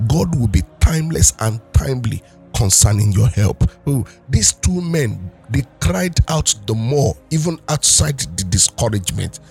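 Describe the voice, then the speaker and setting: Fervent preaching man, gravelly voice. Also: mid-range voice, sing-song, unhurried, a little mellow, soft background music. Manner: fervent preaching, repeating and calling out prayers. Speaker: pastor. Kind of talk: sermon with prayer.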